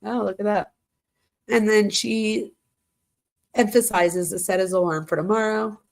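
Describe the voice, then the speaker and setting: A woman's voice: mid-range voice, fairly even intonation, measured pace. A woman hosting a true crime commentary, reading text messages aloud and breaking in with shocked asides. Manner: reads messages in quotes, adding shocked asides.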